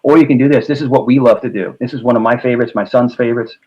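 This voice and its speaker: In a casual food chat, a host with a New York accent rambles, repeats himself often, and keeps saying "bro." His medium-pitched voice comes out rapid-fire, and the audio sounds dull.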